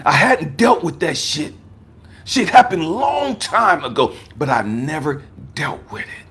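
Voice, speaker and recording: A man's voice: on the high side, wildly swooping pitch, a little slow, fairly bright tone, husky. A man, a life coach, giving an impassioned personal testimony in an emphatic, profane, raw and confrontational way. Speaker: life coach and motivational speaker.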